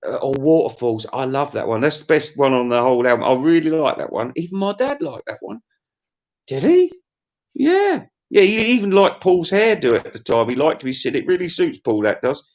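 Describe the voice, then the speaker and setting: A man's voice: medium pitch, animated, fast, hardly any pauses. A man giving a rambling, crude comic monologue, swearing freely and chuckling as he reviews albums.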